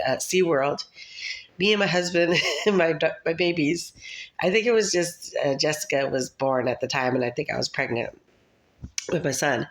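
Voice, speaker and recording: A woman's voice: deep voice, fairly bright tone, rough recording. Mom in her 30s just rambling at the camera, laughs a lot, all over the place. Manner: chatty, scattered, laughs often. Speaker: vlogger, mother. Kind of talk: rambling casual monologue.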